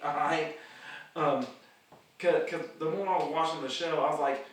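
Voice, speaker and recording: A man's voice: a little high, steady tone, unhurried, a bit bright. A man hosting his own vlog, rambling about his wrestling goals, stumbling over words and restarting sentences, in a casual monologue. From the Carolinas. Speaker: independent wrestler and vlog host. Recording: echoey room, mic at a distance.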